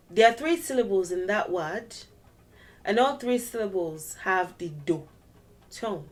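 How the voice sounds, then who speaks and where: Unhurried woman teaching a language lesson. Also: mid-range voice, expressive. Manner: explains patiently, repeats steps and sings a little memory song. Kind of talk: casual video lesson.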